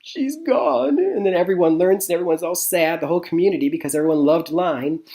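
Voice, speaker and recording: A man's voice: high voice, lively intonation, a little fast, warm tone. A man from Michigan reviewing movies in a casual vlog, rambling, with lots of fillers and chuckles. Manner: rambling, many fillers and restarts, frequent chuckles.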